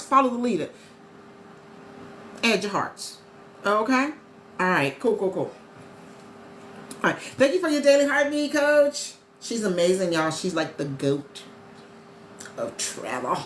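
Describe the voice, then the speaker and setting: A woman chatting casually to viewers on a live stream as a travel agent host, animated and talkative. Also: mid-range voice, measured pace, pauses often. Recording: echoey room with faint ambient noise.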